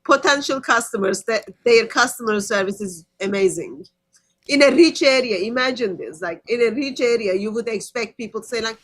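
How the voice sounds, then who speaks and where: A woman co-hosting a casual reaction commentary, animated and teasing. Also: fairly high pitch, moderate pace. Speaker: co-host.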